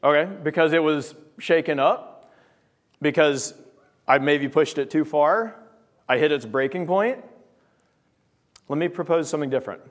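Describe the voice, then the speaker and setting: Animated preacher, a man with a higher voice. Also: measured pace, long pauses. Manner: animated, talks straight to the congregation. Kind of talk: sermon with object lesson.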